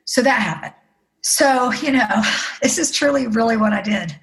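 A woman's voice: on the high side, moderate pace, a bit bright, poor audio. A middle-aged woman telling a personal story as an interview guest, earnest and emotional. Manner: earnest, emotional, acting out the people she quotes.

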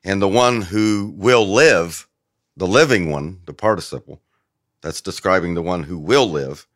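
A man with a very low voice, a podcast guest explaining the grammar of Greek scripture. He talks with emphasis and pauses on ums. The sound is dry and close. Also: dry recording. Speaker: guest scholar. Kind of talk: casual theological explanation.

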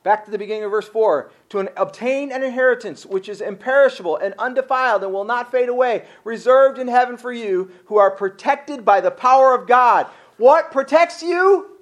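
A man's voice: extremely high pitch, normal speed. A man preaching a sermon as pastor, driving his points home with repeated rhetorical questions and reading scripture aloud between his remarks.

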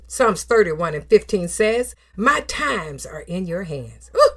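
A middle-aged woman preaching with a lively, swooping pitch that rises and falls through every phrase. She counts off her points, quotes scripture, and fills pauses with approving hums and small laughs. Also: slightly rough. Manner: emphatic, animated, with numbered points and scripture quotes; affirming hums and soft laughs between phrases. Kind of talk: sermon.

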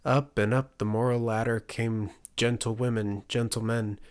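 A man narrating a fantasy audiobook in a measured, scripted way, turning soft and low in reflective passages. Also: flat delivery, smooth.

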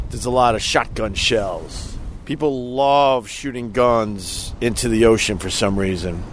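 A middle-aged man hosting a casual livestream outdoors on a beach at sunset, rambling and chuckling as he reads viewer comments. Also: medium pitch. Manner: rambling, chuckling, loose and profane. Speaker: livestream host. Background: wind and faint outdoor noise.

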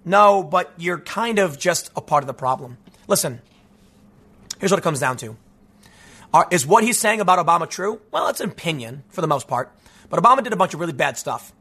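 A man giving a casual, animated commentary monologue, tossing in "dude" and "man" as he talks. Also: a little high, brisk, breathy edge. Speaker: political commentator.

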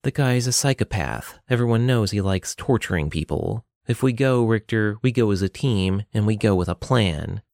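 A man voicing a sharp-tongued, sarcastic young woman who leads an adventurers' guild. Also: lowish voice, animated, normal speed, gravelly, few pauses, no room sound, studio quality. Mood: wry. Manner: sarcastic, blunt.

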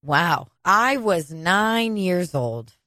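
A woman in her thirties from Kansas City, telling a casual, profane, animated story on a podcast. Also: lowish voice, very slow, no room sound. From Kansas City, United States.

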